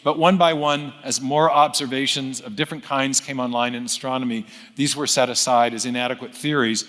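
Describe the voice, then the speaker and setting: A man's voice: medium pitch, fairly even intonation, a little fast, fairly bright tone. Man lecturing in a reverberant hall. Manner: explanatory, frequent self-corrections and restarts. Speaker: philosopher of science giving a talk. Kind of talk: unscripted lecture storytelling.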